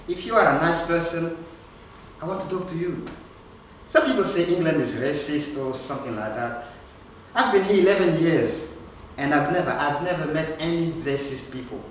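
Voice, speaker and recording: A man acting an earnest immigrant living rough, speaking insistently. His voice sits fairly high, heard from far off in an echoey hall with faint ambient noise. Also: moderate pace, close to an everyday voice.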